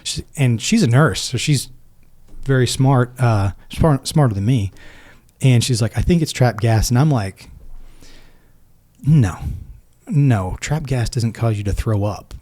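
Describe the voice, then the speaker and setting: A man's voice: mid-range voice, expressive, a little slow, a little mellow. A man in his forties, a military veteran and podcast guest, earnestly retelling a personal story and acting out both sides of each conversation.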